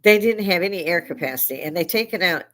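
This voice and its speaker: An older woman hosting a live stream, delivering a heated, profane political rant that keeps rising into shouting. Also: lowish voice, expressive, fast. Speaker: livestream host. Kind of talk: veteran speaking.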